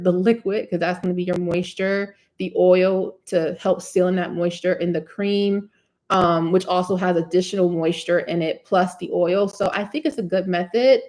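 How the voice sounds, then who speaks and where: A woman with a fairly low, darkish voice and a New Jersey accent, from New Jersey herself, hosts a live curly hair Q&A indoors over a stream. Her chatty answers keep circling back to "you know what I'm saying."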